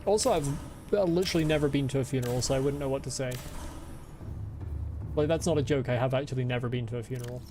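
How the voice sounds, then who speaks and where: A woman's voice: rumbling low, fast talker, long pauses, over music. A woman streaming a video game, chatting casually with giggly, rambling jokes to her chat. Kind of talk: casual gaming commentary.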